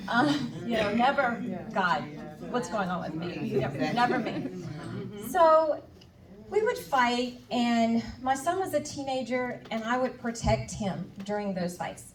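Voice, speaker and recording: This woman's testimony at a conference is candid, with her past conversations and inner voice acted out in a fairly high, lively voice at a slightly slow pace. The hall is echoey, her voice comes from far off, and crowd noise is audible.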